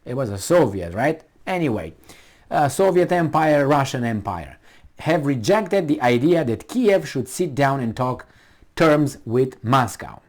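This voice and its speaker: A man's voice: medium pitch, measured pace. A man hosting a commentary video, reading a news article aloud and mocking it with sarcasm and swearing. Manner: animated, sarcastic, swears and mocks the article's author. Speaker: political commentary video host.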